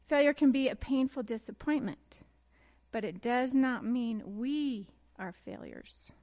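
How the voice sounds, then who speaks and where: High-pitched lady slowly telling a funny story at church, keeps laughing. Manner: lively and expressive, quick to giggle. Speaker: pastor's wife giving a talk. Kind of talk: storytelling sermon.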